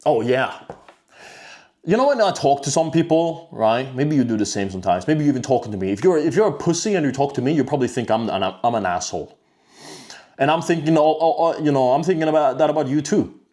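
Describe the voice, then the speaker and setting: A man delivering a self-improvement rant straight to the viewer. His voice sits at an ordinary middle pitch, and he talks bluntly and profanely. He keeps doubling back and restarting his sentences as he goes. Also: sing-song, fast talker, warm tone. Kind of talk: casual monologue to camera.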